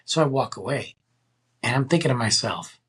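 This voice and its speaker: Husky guy hosting a podcast, super raspy, chatty storytelling, pitch all over the place. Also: normal speed. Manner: animated, chatty, addresses listeners as guys. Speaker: podcast host. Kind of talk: casual storytelling to listeners.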